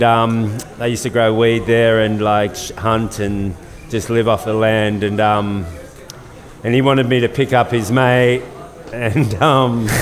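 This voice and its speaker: A man in his fifties with an Australian accent, telling a story casually with many fillers and restarts. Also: mid-range voice. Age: 50s. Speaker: guest storyteller. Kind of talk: casual storytelling at a live event. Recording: long hall reverb.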